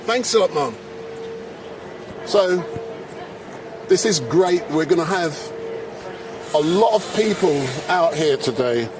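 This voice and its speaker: A man's voice: on the high side, expressive, slow pace, pauses often. A man doing a chatty live interview on a busy city street, holding a handheld mic. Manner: chatty, exclaiming. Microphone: handheld microphone. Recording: noisy street, traffic behind.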